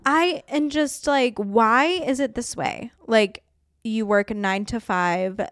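A woman's voice: fairly high pitch, takes it slowly, a bit bright, clean tone, no echo. Young woman co-host, casual rant full of "like" and swearing, dry recording. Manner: ranting, heavy use of "like", casual swearing. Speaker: podcast co-host. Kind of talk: casual chat.

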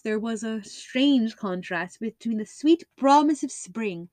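A woman's voice: a little high, animated, measured pace, few pauses, a little mellow, no room sound. Woman reading a classic story aloud. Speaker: audiobook narrator. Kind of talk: scripted narration.

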